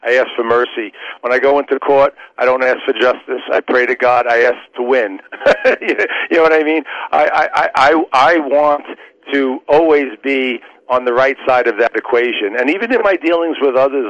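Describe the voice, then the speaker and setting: A man of middle pitch makes his case like a trial lawyer, earnest and explanatory. His voice comes through a dull, muffled radio sound as he lays out his points to the audience. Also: fairly even intonation, moderate pace, a bit bright, no room sound. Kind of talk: persuasive radio interview answer.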